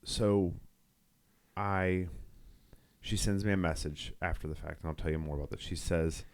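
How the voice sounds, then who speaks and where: A man's voice: low voice, fairly even intonation, moderate pace, dry recording. A middle-aged man, a nurse who co-hosts a podcast, telling a long story in casual chat, rambling with restarts and quoted dialogue. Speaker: podcast co-host.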